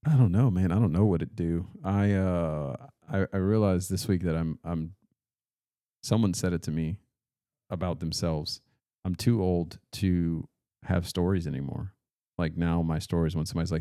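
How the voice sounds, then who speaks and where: Man, podcast co-host, low gravelly voice, dark tone, dry close sound, rambling self-deprecating chat. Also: fairly even intonation, normal speed, no echo.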